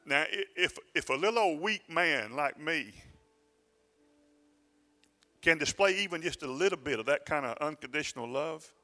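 An older man, preaching a sermon as a pastor in a conversational, storytelling way, often halting and restarting his sentences. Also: fairly high pitch, expressive, bright, forceful tone, faint music behind. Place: church sanctuary. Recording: reverberant church hall.

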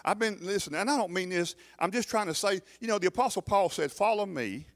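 A man's voice: high voice, lively intonation, a little fast, few pauses, fairly bright tone. A man preaching a sermon as pastor, emphatic, often putting questions to the congregation.

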